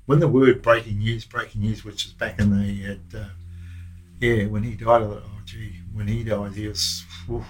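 Speaking at a moderate pace in a lowish voice with little pitch movement, an older Australian man recalls his days as a prison officer. His casual interview answers wander through anecdotes, slang, and restarts, captured on a low-quality recording.

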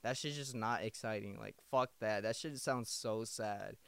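A man's voice: on the low side, normal speed, gravelly, smooth, no room sound. Rambling young man podcasting, dry sound. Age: 20s. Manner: rambling, repeats himself, swears a lot, says bro. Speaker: podcast host. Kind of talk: casual confessional podcast monologue.

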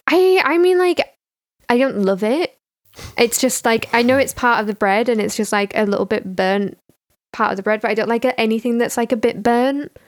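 Rambling woman, slightly high voice. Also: moderate pace. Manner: rambling, filler-heavy. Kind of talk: casual chat.

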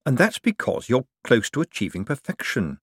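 Brief: man as a smooth, teasing young con man, lively, swooping pitch. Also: moderate pace, no echo, studio quality, exaggerated voice. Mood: glib. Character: quick-witted, smooth-talking young male con man.

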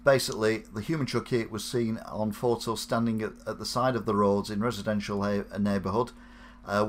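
A man's voice: lowish voice, slight background noise. A man with a British accent hosts a weekly live show, reading odd news stories and adding sarcastic, wry asides. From United Kingdom. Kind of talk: offbeat news commentary.

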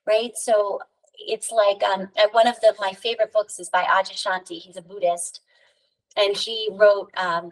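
A woman's voice: medium pitch, recorded from a distance, poor audio. Earnest woman, a little off-mic. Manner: earnest, storytelling, many fillers like "right?" and "you know". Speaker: podcast guest, spiritual teacher. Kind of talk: casual spiritual conversation.

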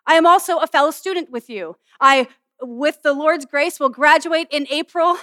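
A middle-aged woman pastor giving an animated, humorous sermon in a conversational way. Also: sits high, normal speed, no echo, clean studio sound. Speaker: pastor and student chapel speaker. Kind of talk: sermon with object lesson.

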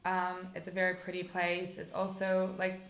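Chatty American woman, gravelly edge. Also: on the low side, completely flat delivery, moderate pace, fairly bright tone, echoey room. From United States. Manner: chatty, upbeat, lots of fillers like "like" and "you know". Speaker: interview guest, rabbi's wife. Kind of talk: casual conversational interview.

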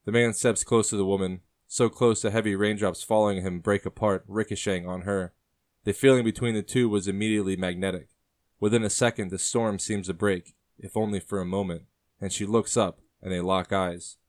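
A man narrating a story aloud in a steady, descriptive reading. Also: fairly low pitch, brisk.

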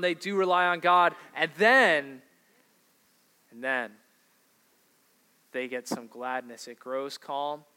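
A male pastor delivering a sermon at an unhurried pace, in a bright, forward voice that sits a little high. He talks with the congregation rather than at them, tossing questions out and waiting for answers. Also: clear, resonant tone. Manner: conversational preaching, asks the congregation questions.

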